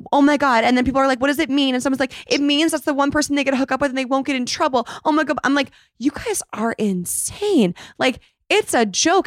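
A woman's voice: high-pitched, fairly bright tone, no room sound. Chatty young woman, dry close sound. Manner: chatty, fast storytelling with many fillers. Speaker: host. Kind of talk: casual chat.

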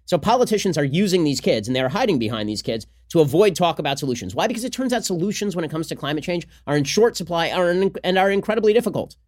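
A man hosting a political podcast, talking fast in a combative, sarcastic solo commentary. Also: a little high, very animated.

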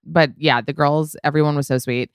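Chatty low-voiced woman podcast host. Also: fairly even intonation, moderate pace, clean tone, dry recording, clean studio sound. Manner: chatty, lots of "like" and "you know", swears casually. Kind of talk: casual solo podcast storytelling.

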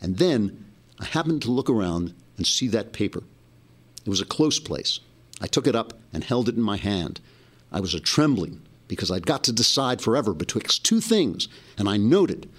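A man's voice: lowish voice, big pitch swings, normal speed. A man reading aloud as Huckleberry Finn, a young runaway boy torn by conscience, in an earnest, folksy storytelling voice. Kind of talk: reading a novel passage aloud.

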